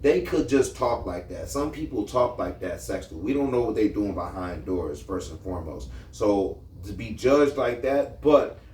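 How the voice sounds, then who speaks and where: A man's voice: on the low side, animated, normal speed, few pauses, darkish tone, a little hiss or hum. A man co-hosting a podcast, giving his blunt opinion at length in casual chat with streetwise slang. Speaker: podcast co-host. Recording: echoey room, mic at a distance.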